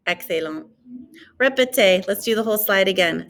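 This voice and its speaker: A woman French teacher giving a recorded classroom lesson, modeling each French word in a raised, drawn-out voice for students to repeat. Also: mid-range voice, fairly bright tone.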